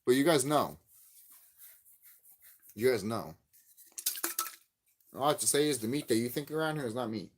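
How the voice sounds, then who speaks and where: A man's voice: normal speed, long pauses. A man giving a profane, angry vlog rant about a game, repeating himself and cursing. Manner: angry, profane, repetitive ranting; lively swinging pitch, gets loud and high when worked up. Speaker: YouTube game commentator. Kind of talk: ranting vlog commentary.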